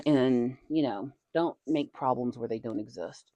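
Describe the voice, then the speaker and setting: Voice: mid-range voice, slow pace, no echo, clean studio sound. A channel host from the southern United States with a Southern American accent, rambling in a chatty way with folksy asides. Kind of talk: casual talking-head chat.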